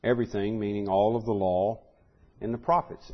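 A man's voice: on the low side, steady tone, normal speed, muffled recording. A man teaching a Bible lesson, thinking aloud with fillers and restarts, then building to emphatic repeated phrases.

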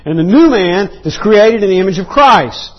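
A man preaching an expository sermon as pastor, emphatic, often clearing his throat and repeating words. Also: sits high, expressive, moderate pace, dull audio. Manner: emphatic preaching that rises into voiced outbursts.

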